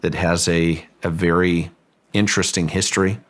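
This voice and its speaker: A man as an interview guest, recounting a story in a measured, deliberate way with frequent restarts. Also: sits low, level tone. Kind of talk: storytelling in a long-form interview.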